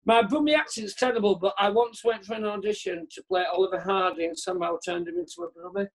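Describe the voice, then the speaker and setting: Here the comedian's high voice moves quickly with lively intonation. Talking candidly as a guest over a video call, he rambles, pokes fun at himself, and drifts off mid-sentence, with audio from the remote call.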